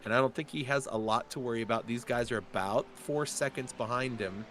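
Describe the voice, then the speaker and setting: A man giving chatty, excitable live commentary on a sim race. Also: medium pitch, slight background noise. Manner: chatty, excitable, quick to laugh.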